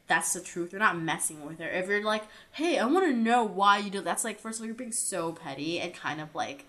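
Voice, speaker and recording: A woman's voice: medium pitch, expressive, fairly quick, sharp tone. A young woman co-hosting a podcast in casual chat, frank and opinionated, laughing easily.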